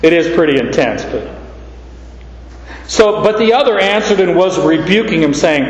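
A man's voice: on the high side, expressive, moderate pace, pauses often, roomy sound, big-room sound, low-quality recording. A man preaching a sermon, earnestly reading and explaining verses aloud. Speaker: pastor.

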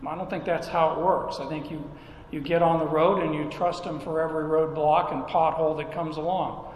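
A man's voice: a little high, a little hiss or hum. A male pastor preaching a sermon in a conversational, folksy way, with emphatic repeated questions. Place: church sanctuary. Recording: echoey hall with long reverb.

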